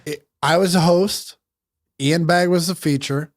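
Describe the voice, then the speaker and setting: A comedian with a fairly high-pitched voice telling quick, enthusiastic road stories on a podcast. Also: male voice, steady tone, slight background noise. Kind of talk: podcast chat.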